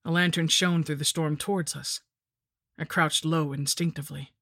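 A woman narrating a first-person gothic horror story in a measured, dramatic storytelling manner. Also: deep voice, steady tone, a bit bright, no room sound, studio quality.

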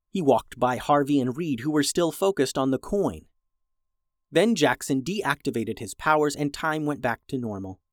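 A storyteller reads a children's tale aloud, with plenty of life in the telling and the pitch jumping up and down for each character. The voice sits in a middle range. The recording is close and dry, with no room sound around it. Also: a little mellow, dry recording. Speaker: children's story podcast host.

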